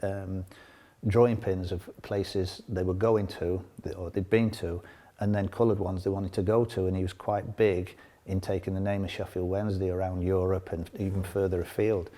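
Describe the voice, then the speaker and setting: A man's voice: deep voice, level tone, normal speed, dark tone. Older man telling stories. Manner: rambling anecdotes with frequent laughter. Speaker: interview guest, former footballer. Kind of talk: casual storytelling interview.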